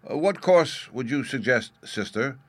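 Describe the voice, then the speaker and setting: A gentle, unbothered ruler speaks mildly in a slightly raised voice, as a male reader does him. He shrugs off trouble in a calm storybook reading. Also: mid-range voice, slow, dry recording, pitched above the performer's own voice. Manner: mild and unconcerned. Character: mild, easygoing male warden, gentle ruler.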